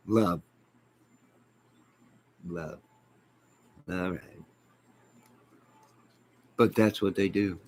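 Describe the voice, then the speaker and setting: A man's voice: low-pitched, breathy edge. A middle-aged man rambling and talking back to his viewers' comments, exasperated, in a casual live chat from home. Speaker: YouTube live host.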